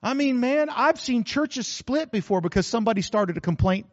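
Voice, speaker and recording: A pastor preaching in a high, very animated voice, folksy and full of jokes and asides to his congregation. His voice rings through a large, reverberant sanctuary. The recording sounds slightly muffled. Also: moderate pace. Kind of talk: sermon.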